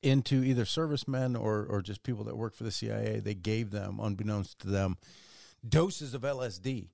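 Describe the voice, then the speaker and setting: A middle-aged man with a gravelly, fry-laden voice, trading crude jokes and teasing in loose podcast banter. The sound is dry and close, with no room around it. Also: on the low side, a little mellow, no room sound. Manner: teasing, crude, quick to joke. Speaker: podcast co-host. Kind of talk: casual banter. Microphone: camera recorder mic.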